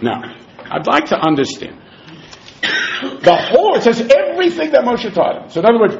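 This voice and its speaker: Man, Talmud teacher, high voice that swings widely, animated storyteller, lo-fi echoey room recording. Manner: animated storytelling, acts out the sages' quarrel with chuckles; mixes Hebrew and Yiddish terms into English. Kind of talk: Talmud class lecture. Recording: echoey room, dull lo-fi sound.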